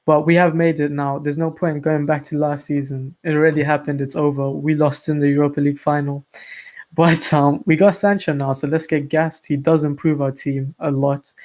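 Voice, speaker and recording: A man co-hosting a casual football podcast, making measured counterpoints. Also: a little high, level tone, a little mellow. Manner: measured, plays devil's advocate. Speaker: podcast co-host.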